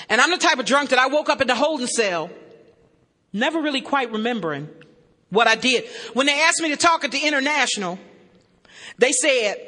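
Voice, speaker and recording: A woman's voice: mid-range voice, pushed and bright. A woman speaking at a recovery meeting, telling her own story with folksy, self-mocking humor and addressing the crowd directly. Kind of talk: humorous personal testimony to a crowd. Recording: long reverb of a large hall.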